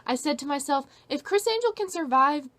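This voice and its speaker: Bubbly high-voiced young woman vlogger. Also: expressive, a little fast, fairly bright tone. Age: 20s. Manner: gushing, bubbly, emphatic repetitions. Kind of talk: excited storytelling to camera.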